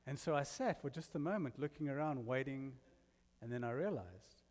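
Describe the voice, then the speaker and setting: A man's voice: mid-range voice, a little fast, darkish tone. A man giving a sermon with humorous, self-deprecating stories, from outside the US, speaking in a church sanctuary. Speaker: guest minister. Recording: long reverb of a hall.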